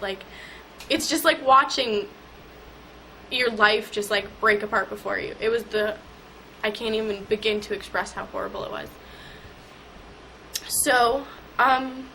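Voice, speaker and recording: A young woman telling an emotional personal story in an interview, halting and repeating herself. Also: mid-range voice, sharp tone, slight background noise, rough recording.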